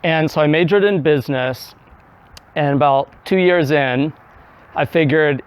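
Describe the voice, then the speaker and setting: A man's voice: on the high side, expressive, moderate pace, a little hiss or hum. A man in his thirties from Tennessee giving a conversational story speech, acting out his own past thoughts. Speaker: speaker giving a club talk. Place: indoor meeting room.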